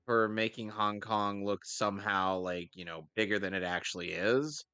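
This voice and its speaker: A man's voice: on the low side, fairly even intonation, normal speed, sharp tone, smooth, dry recording. A man co-hosting a podcast, explaining points and making wry remarks while watching a movie. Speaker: podcast co-host. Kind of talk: casual movie-riffing chat.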